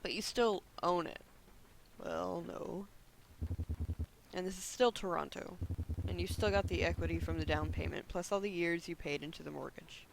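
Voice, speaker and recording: Man voicing a gentle proud older father, soft reassuring manner, high voice. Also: moderate pace, creaky, a little hiss or hum, rough recording.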